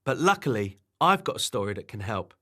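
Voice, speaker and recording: A man reading a children's bedtime story aloud, in an animated and expressive way. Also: mid-range voice, fairly quick.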